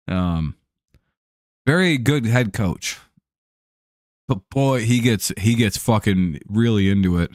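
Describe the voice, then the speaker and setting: A man's voice: mid-range voice, moderate pace, no echo, clean studio sound. A young man casually talking sports on a livestream, rambling and swearing with lots of fillers and restarts, answering viewers by name. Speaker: streamer hosting a sports chat show.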